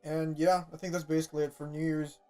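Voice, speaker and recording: A man's voice: on the high side, level tone, fast talker, mellow, clean tone. Rambling, laughing male podcast co-host. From Toronto. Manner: rambling, laughing, jumps into put-on voices. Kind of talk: casual chat. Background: faint classical music.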